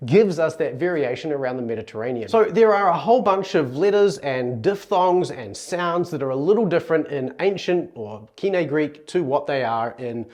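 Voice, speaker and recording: A man's voice: fairly high pitch, animated, moderate pace, few pauses, darkish tone. Earnest New Zealand man teaching Greek. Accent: New Zealand English. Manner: earnest, conversational, restarts and self-corrections. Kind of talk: explanatory video lesson.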